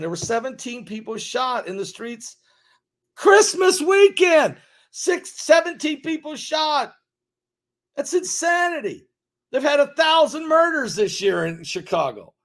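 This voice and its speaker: A middle-aged man from the United States delivers a fervent monologue straight to his viewers, with a voice sitting a little high for a man. He stacks words into long rhythmic lists and repeats himself for effect. His level climbs to sharp peaks, then falls to hushed, confiding asides. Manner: rapid lists with repetition, swings from loud rises to quiet asides. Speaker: online preacher and commentator. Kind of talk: emphatic direct-to-camera monologue.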